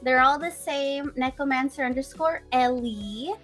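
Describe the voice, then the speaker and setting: A woman's voice: high-pitched, unhurried, soft background music. A young woman streamer chatting as a guest, bubbly and giggly. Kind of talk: casual interview chat.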